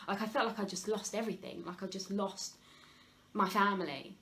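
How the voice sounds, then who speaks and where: A woman's voice: medium pitch, steady tone, brisk, a bit bright, poor audio. A woman hosting a live health talk, talking openly and confessionally about her past, with many fillers and restarts. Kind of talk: live Q&A, personal sharing.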